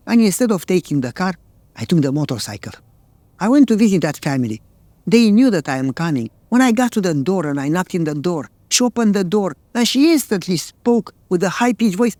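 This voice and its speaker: A man's voice: high voice, animated, brisk, darkish tone, dry recording. A male pastor preaching a sermon, telling a story in plain, earnest words.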